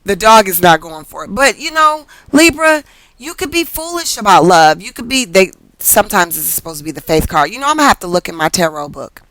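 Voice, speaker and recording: A woman's voice: mid-range voice, big pitch swings, a little fast, a bit bright, low-quality recording. A woman reading tarot cards in a casual, rambling vlog, chatty and profane, laughing often and drifting off topic. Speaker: tarot card reader.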